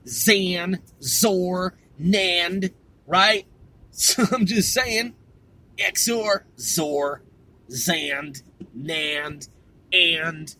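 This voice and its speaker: High, bright-voiced man ranting profanely. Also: low-quality recording. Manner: profane, riffing on lists and wordplay. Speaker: podcast host. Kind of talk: casual rambling monologue.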